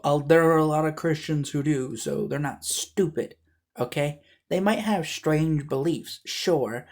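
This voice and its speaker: Slow rambling man reacting. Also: medium pitch. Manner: rambling, laughing, filler-heavy. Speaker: reaction video host. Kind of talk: casual reaction chat.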